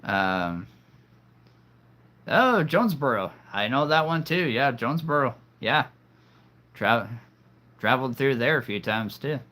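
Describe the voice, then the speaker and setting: A male streamer chatting casually to his live audience. He rambles from thought to thought, full of fillers and restarts. His voice has a bright, forward ring. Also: mid-range voice, big pitch swings, a little slow, long pauses.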